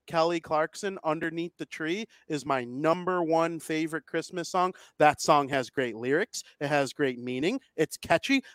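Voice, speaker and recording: A man's voice: a little high, a bit bright, smooth, no echo. A young adult man co-hosting a casual podcast chat, enthusiastic and jokey. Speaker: podcast co-host.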